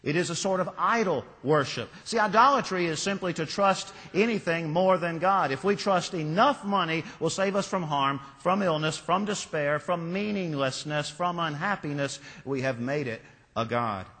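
A man's voice: a little high, normal speed, a bit bright. Male preacher in a reverberant church. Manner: storytelling, with emphatic rising repetitions. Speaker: pastor. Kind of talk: sermon. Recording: long reverb of a large hall.

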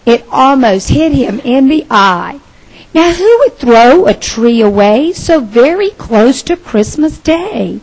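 A woman leads children's time in a church, reading a Christmas picture book aloud with gentle expression. She takes it slowly, her voice sitting a touch high and warm with storytelling lilt. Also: rough recording. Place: church sanctuary.

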